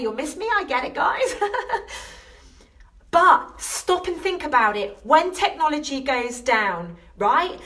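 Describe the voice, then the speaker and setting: A woman's voice: high-pitched, fairly bright tone, recorded from a distance. A woman from the UK hosting a live stream as a self-love coach. She talks straight to her viewers, earnest and emotional, and repeats her questions over and over. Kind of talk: impassioned motivational live stream. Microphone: phone or webcam on a social live stream.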